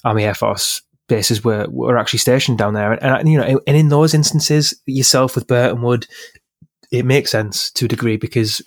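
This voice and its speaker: A man's voice: medium pitch, normal speed, dry recording, clean studio sound. A man co-hosting a podcast, talking things through in a casual, hesitant way with many restarts. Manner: hesitant, repeats words, thinking aloud. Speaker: podcast co-host.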